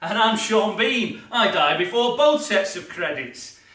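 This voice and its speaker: A man putting on a cocky male villain, a traitor spy, declaiming slowly with drawn-out words. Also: sits high, lively intonation, sharp tone, exaggerated voice. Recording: echoey room, distant mic.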